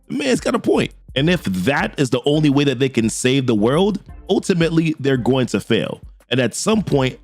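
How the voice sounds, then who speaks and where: Animated comic recap guy, lively pitch. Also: moderate pace, few pauses, soft background music. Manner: animated, laughs often, slangy, paraphrases characters loosely. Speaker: comic book recap host. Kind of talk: casual comic story recap.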